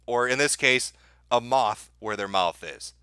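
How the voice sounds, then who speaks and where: A man's voice: medium pitch, measured pace, sharp tone, clear, resonant tone, dry recording, clean studio sound. A man hosting a livestream, ranting sarcastically and profanely and laughing at his own jokes as he reads viewer super chats. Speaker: livestream host.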